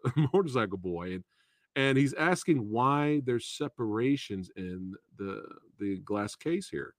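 A rather low-pitched man talks through a movie in a loose, rambling way, full of "uh" and asides. The sound is dry and close, with no room echo. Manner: rambling and chatty, with fillers and laughs. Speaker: host of a movie talk show. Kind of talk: casual live movie review.

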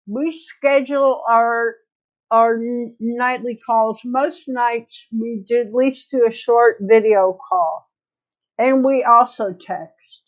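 Middle-aged woman, talks real slow and gentle, higher voice, muffled lo-fi audio. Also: steady tone. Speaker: podcast co-host. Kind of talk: casual podcast chat.

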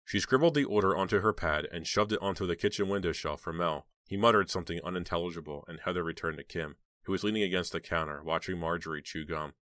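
A man narrating a horror novel as an audiobook in a steady, even storytelling manner. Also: deep voice, fast talker, few pauses, no room sound, studio quality.

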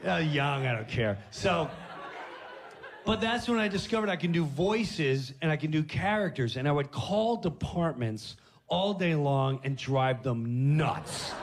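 A man hosting a podcast and telling comic stories, animated and laughing, jumping into voices. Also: a little high, a little slow, slight background noise. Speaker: podcast host. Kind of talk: comic storytelling.

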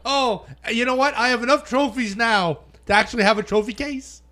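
A man's voice: extremely high pitch, fairly quick, pushed and bright. A man bantering with friends, boastful and gloating, swearing freely. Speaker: fantasy league winner. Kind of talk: casual banter among friends.

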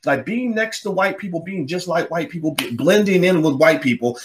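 Brief: male podcast host, sarcastic, heated, animated talker, pitched a bit high. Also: normal speed, hardly any pauses, slight background noise. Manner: heated, sarcastic, mocks others in put-on voices; animated, swings pitch widely. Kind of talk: opinion monologue.

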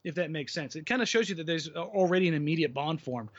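A man's voice: on the high side, expressive, quick pace. A man co-hosting a casual basketball podcast, opinionated and rambling, often restarting his sentences. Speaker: podcast co-host. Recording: muffled lo-fi podcast audio.

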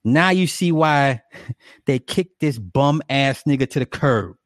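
A man's voice: medium pitch, lively intonation, slow, dry recording, studio quality. A man giving profane, mocking reaction commentary, stretching words out for emphasis.

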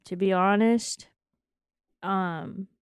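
A woman's voice: mid-range voice, steady tone, extremely slow, clean tone, dry recording, studio quality. A woman playing a blunt, mocking teenage girl in an improvised comedy scene, drawing out her words in disgust. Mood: sassy. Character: sassy, picky teenage girl who acts tough.

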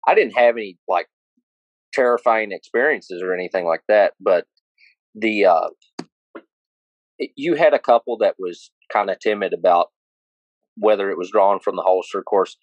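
A man, a range officer, talking in a halting, casual way with many fillers. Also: low-pitched, no echo, highs cut off. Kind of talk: casual chat.

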